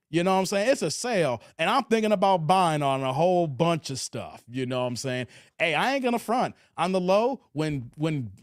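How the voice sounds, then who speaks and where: A man from hosts a casual live stream. He answers chat messages in a relaxed drawl, and his voice sits rather high. The sound is close and dry, with no room echo. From Chicago. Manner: laid-back, drawling, trails off quietly at phrase ends. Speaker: livestream host reading chat.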